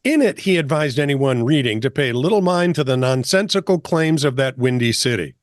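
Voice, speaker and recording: A man's voice: medium pitch, animated, a little fast, dry recording, clean studio sound. A man co-hosting a comedy news podcast, reading headlines in a chatty way and laughing often. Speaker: co-host. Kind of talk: casual news banter.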